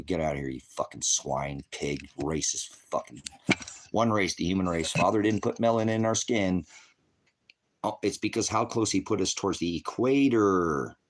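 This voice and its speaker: A man from Oregon, an online preacher, ranting angrily and with heavy profanity at his livestream viewers. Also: low voice. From Oregon, USA. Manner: angry, profane, combative.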